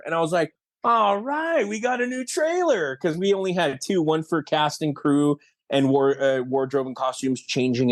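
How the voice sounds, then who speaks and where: Animated Canadian storyteller, slightly high voice. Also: male voice. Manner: animated storyteller who acts out quoted lines and laughs often. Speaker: guest actor and filmmaker. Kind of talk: casual podcast interview.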